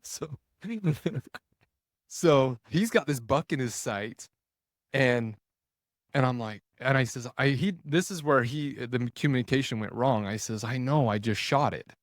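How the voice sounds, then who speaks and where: A man in his forties, a podcast guest, telling a story in a casual, animated way, full of restarts and quoted thoughts. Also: medium pitch, a little slow, no echo, studio quality. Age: 40s.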